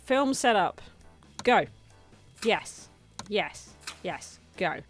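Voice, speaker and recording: A woman's voice: medium pitch, animated, drawn-out words. A woman casually commenting while she plays a game, thinking aloud and laughing at herself. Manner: chatty, self-amused, thinks aloud, often laughs. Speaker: gaming video host. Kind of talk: casual let's-play commentary. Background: faint game music.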